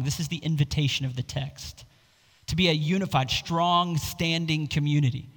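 A male pastor delivers an earnest, expressive sermon in a slightly higher-than-usual voice. His words ring out with a long hall reverb, as in a church sanctuary. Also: brisk. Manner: earnest, expressive preaching with emphatic quoted lines.

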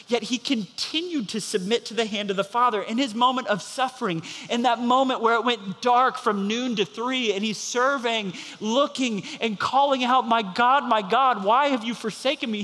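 A man's voice: extremely high pitch, moderate pace, few pauses, bright, forceful tone, big-room sound. A man preaching a sermon as pastor, telling a story and acting out the voices of the people in it.

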